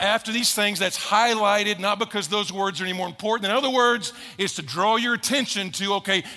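A man preaches a sermon in a conversational way, slowing down to press his points. His voice sits high for a man, bright and gravelly. The sound carries a long reverb from the church sanctuary. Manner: conversational preaching with emphatic slowdowns. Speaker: pastor. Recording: echoey hall reverb.

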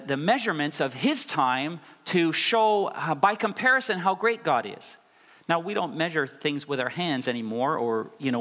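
A man's voice: fairly high pitch, fairly bright tone. A middle-aged male pastor preaching a sermon, stressing and repeating key phrases for effect. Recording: long reverb of a large hall.

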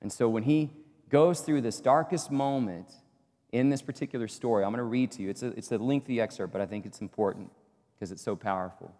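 A man's voice: medium pitch, brisk, mellow. A man preaching a sermon in an earnest tone, building emphasis as he speaks. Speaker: pastor. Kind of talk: sermon with a long read-aloud excerpt. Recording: long reverb of a large hall.

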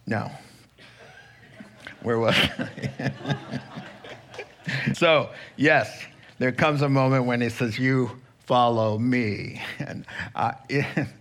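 A male pastor preaching a sermon, animated and chuckling, acting out quotes as he goes. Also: mid-range voice.

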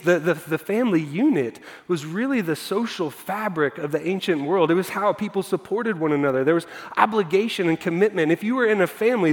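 Conversational pastor in an echoing hall. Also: male voice, high voice. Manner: conversational, self-deprecating, lots of fillers. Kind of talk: sermon. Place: church hall. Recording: long hall reverb.

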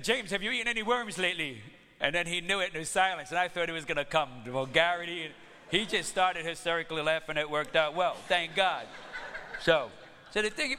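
Male pastor, sermon, animated storytelling, bright forceful voice, long hall reverb. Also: high voice, clean tone. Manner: animated storytelling, laughing often.

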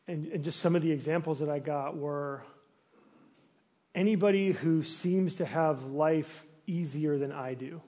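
A man preaching a sermon in a conversational way, asking the congregation searching questions and sometimes acting out complaints with animation. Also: fairly high pitch. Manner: restarts and fillers, animated when acting out complaints. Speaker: pastor.

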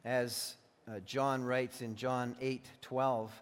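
A man's voice: medium pitch, level tone, slow pace. A man preaching a sermon as a pastor, emphatic, stretching out key phrases and often doubling words as he restarts. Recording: long reverb of a large hall.

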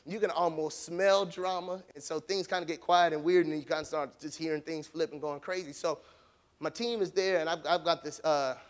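Animated high-voiced man telling a story. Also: brisk. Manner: animated, with vocal sound effects; conversational, with many fillers. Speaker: speaker telling a story to an audience. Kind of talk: storytelling talk.

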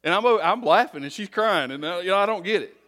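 A middle-aged pastor delivers a sermon, speaking in a slightly higher voice than most men. He talks to the congregation conversationally and drives his points home by repeating short, punchy exhortations. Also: animated, fast, a bit bright.

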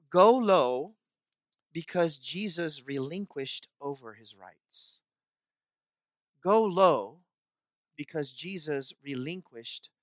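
Man preaching, bright and dynamic. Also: on the high side, no room sound. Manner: repeats key phrases for emphasis, swings from soft to loud. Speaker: pastor. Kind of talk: sermon.

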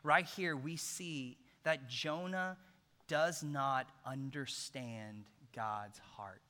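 A man preaching a sermon, retelling a story in an animated, jokey way. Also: mid-range voice, very slow. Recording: long hall reverb.

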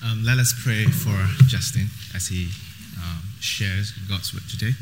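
A man's voice: low-pitched, a little slow, long reverb tail, very noisy. A man leading a short spoken prayer in church, hesitant with ums. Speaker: congregation member leading prayer.

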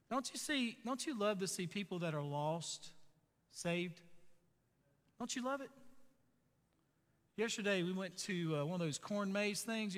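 Male pastor with a high voice, preaching conversationally in a big echoing hall. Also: fairly bright tone. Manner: conversational, jokey, asks the audience questions. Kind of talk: sermon.

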